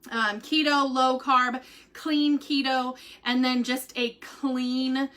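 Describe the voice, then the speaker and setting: Bubbly high-voiced woman vlogger. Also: flat delivery, slow pace, fairly bright tone. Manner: chatty and bubbly, full of fillers like "um" and "like". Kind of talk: casual live-stream chat.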